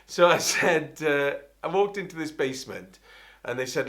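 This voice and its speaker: A middle-aged Welsh man, an opera singer, telling an animated, rambling story and often interrupting himself. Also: a little high, moderate pace. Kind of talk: anecdotal storytelling.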